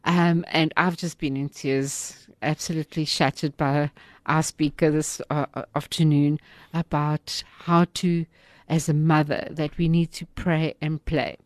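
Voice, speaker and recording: A woman's voice: low voice, flat delivery, a little slow, no room sound. Emotional woman radio host. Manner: warm, emotional, hesitant with many fillers. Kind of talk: casual radio hosting.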